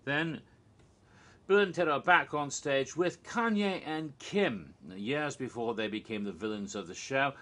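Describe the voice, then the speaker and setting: A man's voice: mid-range voice, unhurried, a bit bright. A man casually recapping a theme park stage show, rambling and amused, with frequent restarts and asides. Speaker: host recounting theme park history.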